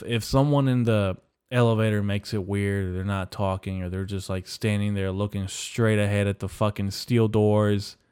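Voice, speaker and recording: A young man riffs through a comedic podcast rant, swearing constantly and sounding mock-outraged as he rambles from one gripe to the next. His voice sits on the low side and comes through smooth and resonant. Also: darkish tone. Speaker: podcast host.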